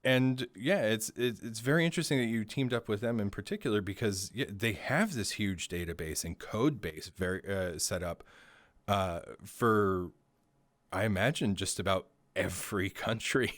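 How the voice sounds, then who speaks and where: Man, talk show host, from Maryland, joking, laughs a lot, lowish voice, dry close sound. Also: animated, moderate pace, fairly bright tone, dry recording. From Maryland, USA. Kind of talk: casual studio interview. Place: studio.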